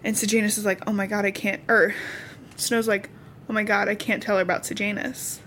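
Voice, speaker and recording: A woman's voice: medium pitch, level tone, a little fast, a bit bright, a little hiss or hum. A young woman co-hosting a podcast, casually recapping a novel and acting out the characters' lines as she goes. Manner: chatty, acts out dialogue in quotes. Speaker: podcast co-host.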